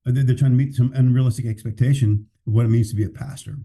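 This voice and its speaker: A man's voice: mid-range voice, fairly even intonation, racing, mellow. A man who is a pastor, speaking candidly and plainly in a casual podcast conversation, often restarting his sentences. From California.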